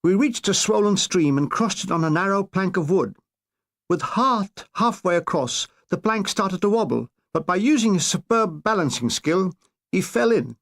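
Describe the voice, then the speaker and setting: A man reads a comic war memoir with wry, deadpan timing. His voice sits fairly high for a man and rises and falls in lively swoops. It is a storyteller's reading. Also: moderate pace, gravelly. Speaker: narrator.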